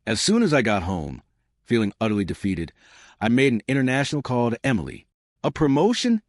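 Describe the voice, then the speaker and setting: A man in his fifties narrating a first-person story in an expressive, scripted way. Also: on the low side, brisk, no room sound, clean studio sound. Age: 50s.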